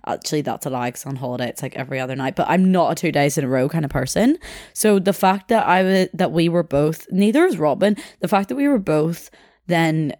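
A woman's voice: sits low, expressive, fairly quick, a little mellow, no echo, clean studio sound. A young woman chatting in a rambling way, telling a story and laughing as she goes. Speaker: podcast host. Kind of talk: casual storytelling.

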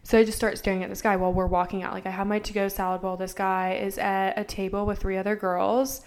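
Young woman, twenties, podcast co-host, casual storytelling, filler-heavy, mid pitch. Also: flat delivery, fast talker, darkish tone, clean tone. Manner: chatty, filler-heavy, acts out dialogue with swearing.

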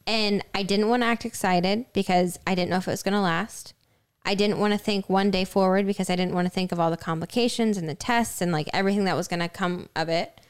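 Young woman cohost rambling through a story, smooth clear voice, lots of likes and ums. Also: mid-range voice, steady tone, fast talker. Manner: storytelling, frequent fillers. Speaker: podcast co-host. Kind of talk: casual podcast chat.

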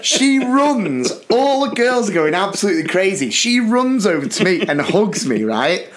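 Male podcast co-host, pitched a touch high, swings wide and excitable as he tells a story. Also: moderate pace, a little hiss or hum. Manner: excitable, acts out shouts and cries while telling a story. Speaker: podcast co-host, school sports coach. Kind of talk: animated storytelling chat.

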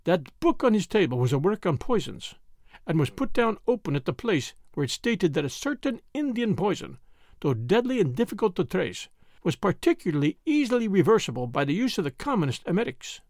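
A man's voice: high voice, sing-song, a little fast, darkish tone, dry recording, studio quality. A man voicing a grim, urgent doctor. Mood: explaining. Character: grim, watchful male doctor.

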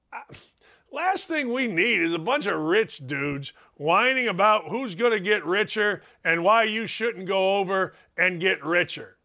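A man's voice: high-pitched, expressive, measured pace, bright, forceful tone. A man hosting a sports talk show, ranting with sarcastic, emphatic opinions.

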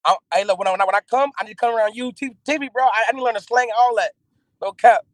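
A man from North Carolina, talking excitedly and gratefully as a guest while calling in from a moving car. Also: very high-pitched, rapid-fire, no echo, low-quality recording. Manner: grateful, excitable, laughing often. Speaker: rapper, guest. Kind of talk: casual interview.

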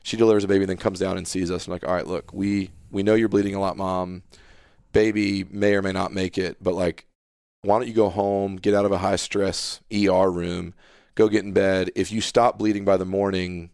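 A deep-voiced man in his thirties, a pastor appearing on a podcast, earnestly shares a personal story in a casual storytelling conversation, acting out the dialogue with animation. The recording is clean studio sound with no room sound.

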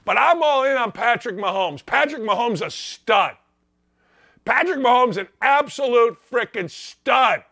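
Fired-up male sports talk host, high and sharp, mocks whiny players, dry booth mic. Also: animated, unhurried, dry recording. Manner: loud, mocking, does whiny voices of players. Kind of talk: opinionated sports rant.

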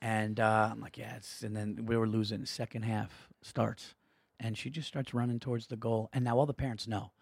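A man's voice: on the low side, vocal fry, husky, dry recording. A middle-aged man, a comedian guest telling a family story in casual chat, swearing freely and acting out what people said. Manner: fast, profane, animated storytelling with acted-out quotes.

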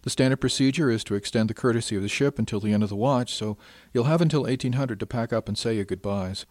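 A man voicing a gentle, brisk starship captain. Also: medium pitch, no room sound, studio quality, lightly acted. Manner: gentle, brisk and matter-of-fact. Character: calm kindly female starship captain.

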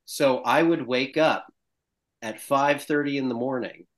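A man telling a story in a casual chat, animated and quick to laugh. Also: mid-range voice. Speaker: guest actor.

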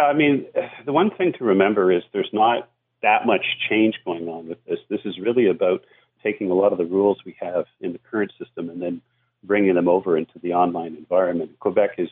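Low husky man on a phone line. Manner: explanatory, frequent "you know" fillers. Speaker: media policy guest expert. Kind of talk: radio call-in discussion.

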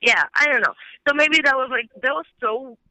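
A woman's voice: high-pitched, lively intonation, a little fast, no room sound. A woman, calling in and retelling a fight in heated, swearing bursts. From Brazil. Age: 20s. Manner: heated, swearing storyteller who acts out quoted dialogue. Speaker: caller. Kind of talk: casual phone call. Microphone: phone. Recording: bright thin phone line.

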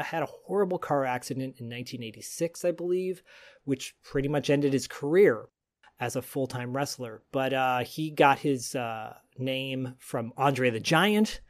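A man's voice: medium pitch, a little slow, a little mellow. A man hosting a podcast, telling a story in a rambling, digressive casual chat. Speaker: podcast host.

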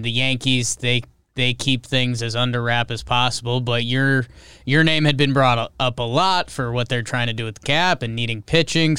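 A man co-hosting a casual sports podcast, talking in an energetic, jokey, rambling way. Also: mid-range voice, smooth, no echo, studio quality. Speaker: co-host.

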